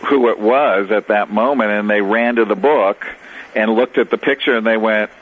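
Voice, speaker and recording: A man's voice: on the low side, moderate pace. A man telling a long story as a guest, rambling with many fillers and restarts over a phone line. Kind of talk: storytelling on a radio call. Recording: tinny phone line with faint noise.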